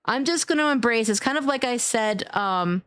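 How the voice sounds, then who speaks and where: A woman game streamer in casual live-stream chat, animated and chatty, greeting and thanking viewers by name, swearing and laughing often. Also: fairly high pitch, moderate pace, smooth.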